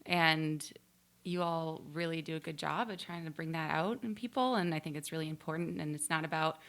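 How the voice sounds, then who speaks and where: A woman's voice: low voice, a little fast, a bit bright. A woman, a fitness trainer, speaking as a podcast guest, earnest and a little rambling. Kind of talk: casual podcast chat. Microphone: studio microphone.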